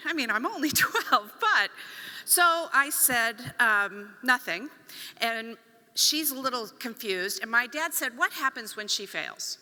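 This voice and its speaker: A middle-aged woman tells a story from a stage and acts out the voices of the people in it. Her voice is very bright and a little high. Long reverb from a large hall hangs around every word. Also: slow. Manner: animated, acts out quoted voices. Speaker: conference speaker; speech pathologist. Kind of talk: storytelling keynote talk.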